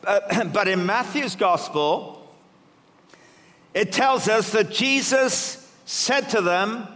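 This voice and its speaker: A man preaching with a fairly high voice, retelling a story with humor and lively shifts of tone. His words ring through a hall with a long reverb. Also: slow pace. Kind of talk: sermon.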